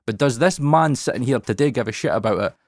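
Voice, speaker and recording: Man in his thirties, podcast host, blunt and sweary, mid pitch, dry close studio mic. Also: fast talker, no echo. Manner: profane, candid, animated. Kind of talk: casual podcast talk.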